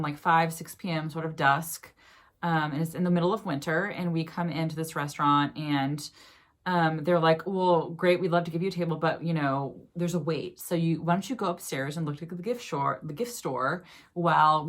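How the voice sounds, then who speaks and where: Low-voiced woman telling a ghost story. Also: a bit bright. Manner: chatty, lots of "like" and "um" fillers. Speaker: vlogger. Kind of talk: casual storytelling.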